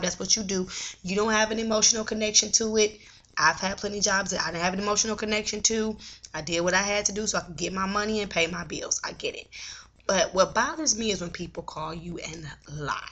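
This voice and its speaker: Bright-voiced woman venting in a vlog. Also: medium pitch, highs cut off. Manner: animated, swearing, venting frustration. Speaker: vlogger. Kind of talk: casual vlog rant.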